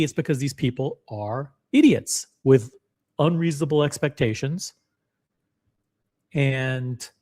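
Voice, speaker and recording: On his live stream, a man with a medium-pitched, darkish voice reads out a forum post and responds bluntly, full of profanity and repetition, addressing chat directly.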